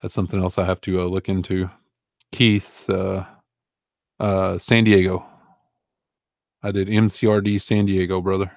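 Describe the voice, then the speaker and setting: A man's voice: deep voice, little pitch movement, measured pace, gravelly, pauses often, darkish tone, no echo, studio quality. A man in his forties, an online reseller, chatting casually and rambling through viewer questions with easygoing fillers and chuckles. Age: 40s. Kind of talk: casual live Q&A chat.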